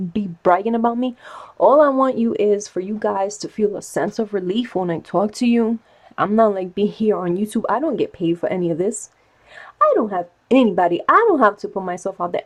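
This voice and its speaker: A woman tarot and cup reader talking in a casual vlog, insistent and getting worked up, repeating herself for emphasis. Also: medium pitch. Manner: excited, insistent, gets worked up.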